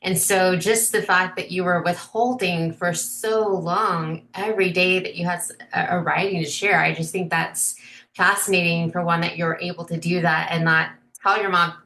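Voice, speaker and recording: A woman host answers her guest in a sympathetic, conversational way. Her voice is lowish yet bright and sharp. The sound rings in an echoey room. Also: steady tone, normal speed. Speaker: podcast host. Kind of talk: casual interview chat.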